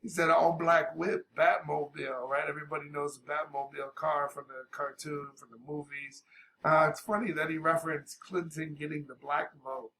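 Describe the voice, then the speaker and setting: A man's voice: a little high, level tone, bright, forceful tone. A sick man at home giving casual, laid-back reaction commentary on a rap track, with fillers and some coughing. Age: older adult. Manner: laid-back, talks over paused music with fillers. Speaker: reaction video host.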